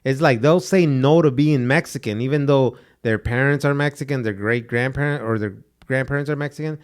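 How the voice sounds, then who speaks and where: Young dude on a podcast, loose slangy storytelling, drops spanish words here and there. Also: male voice, medium pitch, brisk. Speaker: podcast co-host. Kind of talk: casual podcast chat.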